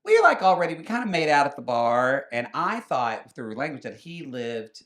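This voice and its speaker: A man's voice: mid-range voice, normal speed. A man, a podcast guest, telling a long anecdote in casual chat and acting out the voices in it. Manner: animated, acts out voices in his anecdotes. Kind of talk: casual storytelling.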